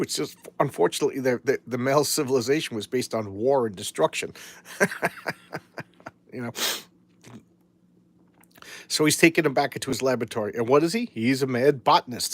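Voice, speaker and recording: A middle-aged man talks through old comic books on a live show, wandering from thought to thought with a lot of false starts. His voice is mid-pitched and comes across close and dry, with no room sound. He slips in dry, joking asides. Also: no room sound. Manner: rambling, chatty, frequent restarts; wry, jokey asides. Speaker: comic book show host. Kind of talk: casual live comic book chat.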